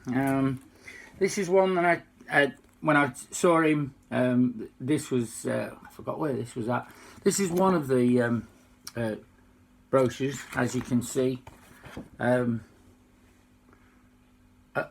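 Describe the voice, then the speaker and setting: A man with a Yorkshire accent, unwell, chatting to fans in a halting, heartfelt way. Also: medium pitch, vocal fry, slight background noise. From Yorkshire, England. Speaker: singer and tribute impersonator. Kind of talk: casual fan video chat.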